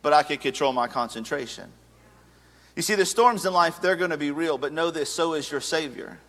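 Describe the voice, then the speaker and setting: A man's voice: on the high side, a little fast, a bit bright. A man in his thirties preaching a sermon as a pastor, conversational and humorous, slipping into acted asides. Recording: long reverb of a large hall.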